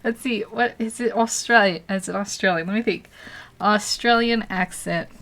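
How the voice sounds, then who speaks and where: A woman's voice: medium pitch, normal speed, fairly bright tone. A young adult woman on a live stream, chatting casually and thinking aloud as she draws, laughing often. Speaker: digital artist streaming. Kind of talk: live-stream chat while drawing.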